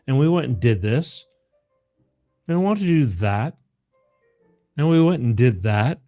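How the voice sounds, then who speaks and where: A man's voice: medium pitch, animated, unhurried, warm tone, faint music behind, close to an everyday voice. A man voicing his talkative male friend, an eager guy with a put-on Southern US accent.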